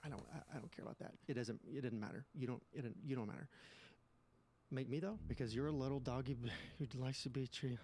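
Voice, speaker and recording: A man's voice: medium pitch, fast talker, a little mellow. Male YouTube commentator, dry sarcastic delivery, light background hiss. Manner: sarcastic, reads texts aloud with mock voices. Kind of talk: scripted commentary reading messages.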